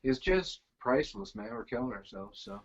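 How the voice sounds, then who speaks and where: A man's voice: mid-range voice, very animated, normal speed. Rambling middle-aged man, lo-fi. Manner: rambling, lots of fillers and restarts. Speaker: guest, venue stage crew. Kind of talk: casual storytelling.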